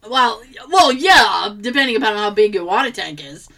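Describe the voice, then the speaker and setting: A woman's voice: medium pitch, normal speed. A young woman co-hosting a casual podcast, telling a story with lots of laughter and acted-out quotes. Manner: lively storyteller, laughs often, acts out quotes. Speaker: podcast co-host. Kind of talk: casual chat.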